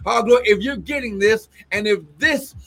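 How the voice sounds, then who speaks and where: Fervent high-voiced man prophesying. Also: normal speed. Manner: fervent, breaks into shouts and tongues; constant exclamations of "glory". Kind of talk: live-streamed prophetic ministry.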